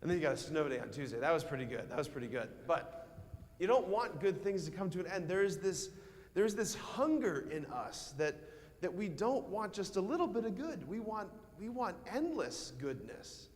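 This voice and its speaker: A male priest giving a homily to schoolchildren, telling a childhood story in an animated way and asking them questions. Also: high voice, normal speed. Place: church. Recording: long church reverb.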